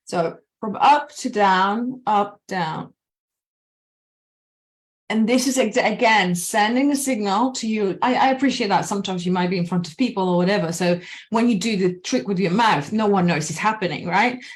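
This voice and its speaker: A woman coaching on anxiety in a casual, animated talk, slowing down to count breaths and acting out anxious and calm inner voices. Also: mid-range voice. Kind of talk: casual guided presentation.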